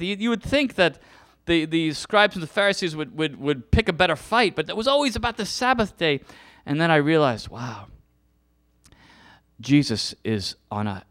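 Impassioned, somewhat high-voiced male preacher. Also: fairly bright tone. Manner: passionate, repetitive, many restarts. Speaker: pastor. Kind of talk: sermon.

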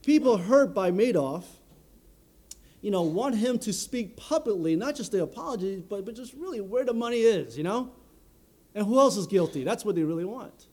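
A man delivers a sermon in an earnest, measured way. His voice sits high for a man yet sounds mellow and warm. He often leans on "you know" while working through his points. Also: animated. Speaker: preacher.

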